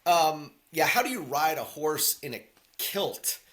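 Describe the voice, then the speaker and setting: His voice is a little high and a bit bright, with lively intonation and a slightly slow pace. As a podcast co-host in casual movie chat, he rambles, jokes, and performs quotes in silly voices.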